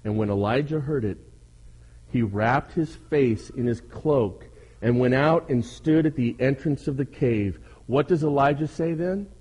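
A man's voice: medium pitch, a little slow, dark tone, breathy edge, low-quality recording. A male pastor preaching a sermon, asking his listeners questions and pressing his points with emphasis.

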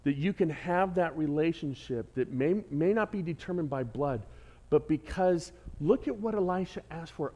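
A man's voice: on the high side, animated, normal speed, dark tone. A man preaching a Sunday sermon as pastor, telling a personal story with asides to the congregation. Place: church sanctuary.

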